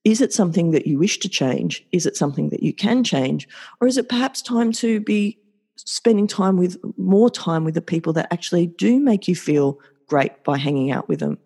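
A man's voice: high-pitched, expressive, moderate pace, vocal fry, dark tone, breathy edge. Upbeat motivational man podcasting solo. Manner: upbeat, effusive and motivational, repeats words for emphasis. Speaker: podcast host.

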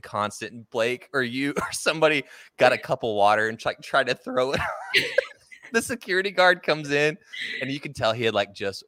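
A man's voice: on the low side, fairly bright tone, dry recording, clean studio sound. A young man hosting a podcast, telling stories in a loose, slangy way and laughing often. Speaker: podcast host. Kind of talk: casual chat.

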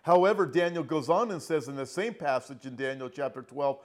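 A middle-aged man preaching an earnest prophecy sermon, slowing down and rising in pitch as he reads scripture aloud. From Southern California. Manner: earnest, emphatic, slows down and rises when reading scripture.

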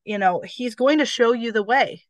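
A woman co-hosting a casual faith podcast, talking with animated enthusiasm. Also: fairly high pitch, normal speed. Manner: animated, enthusiastic, laughs easily. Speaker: podcast co-host.

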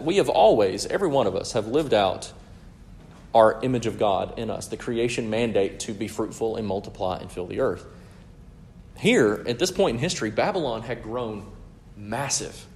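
A man's voice: mid-range voice, vocal fry, a little mellow. A man preaching a sermon in an earnest, teaching way, often checking in with his listeners. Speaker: pastor.

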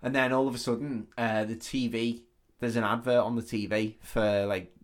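Male co-host, average pitch, loose sweary storyteller recapping a movie. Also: flat delivery. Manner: rambling, sweary storytelling with quick acted-out quotes. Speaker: podcast co-host. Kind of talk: casual chat retelling a film plot.

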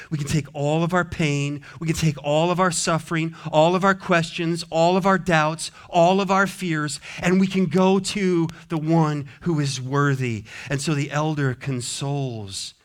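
Fairly high-voiced man preaching. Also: fairly even intonation, unhurried. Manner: preaching with shifts between soft, gentle consoling tones and emphatic declarations; repeats phrases for emphasis. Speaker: pastor. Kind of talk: sermon.

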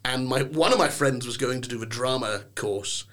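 A man's voice: mid-range voice, normal speed. A young man from England, a podcast guest telling stories in a casual chat with a theatrical, playful manner. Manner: theatrical, animated storytelling with playful put-on voices.

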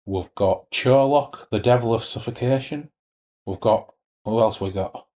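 A man's voice: mid-range voice, a little slow, dark tone. A man co-hosting a casual book chat, recapping the plot and reading passages aloud. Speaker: podcast co-host.

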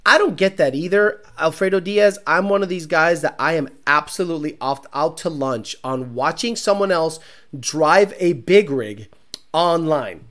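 A man's voice: a little high, moderate pace, fairly bright tone. A man hosting a car show stream, reading viewer comments aloud and ranting in a mocking, profane, casual way. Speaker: car show host reading live chat.

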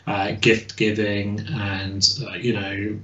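A man's voice: lowish voice, monotone, takes it slowly, sharp tone. A man speaking as a guest historian over a video call, explaining in a hesitant way with many restarts. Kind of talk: casual expert explanation. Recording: echoey and dull lo-fi.

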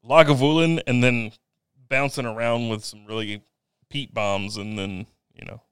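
Man, smooth resonant voice, easygoing casual talk, dry close sound. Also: medium pitch, fairly even intonation, measured pace, fairly bright tone, no echo. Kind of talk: casual chat.

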